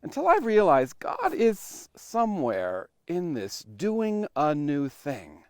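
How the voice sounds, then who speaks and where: A male pastor preaching a sermon, telling it like a story with dramatic pauses and sudden shifts between loud emphasis and hushed, quiet lines. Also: on the high side, huge pitch swings, no room sound, clean studio sound. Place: church online worship recording.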